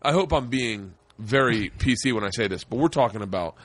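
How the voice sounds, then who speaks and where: A man hosting a podcast, telling a wild story with animated swearing and acting out voices. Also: medium pitch, brisk. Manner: animated, swearing, acts out voices in his stories. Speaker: podcast host. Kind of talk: casual storytelling chat.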